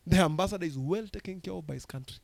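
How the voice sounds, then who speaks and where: Kenyan man preaching, high voice. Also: very fast, creaky, no room sound. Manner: preaching with call-and-response questions, swings from quiet to loud. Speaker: pastor. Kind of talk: sermon.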